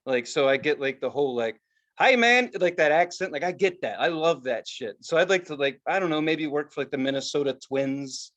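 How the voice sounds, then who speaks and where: A man co-hosting a podcast, telling stories in casual comedic chat, profane and full of quick impressions of other people. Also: on the high side, lo-fi sound. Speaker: podcast co-host.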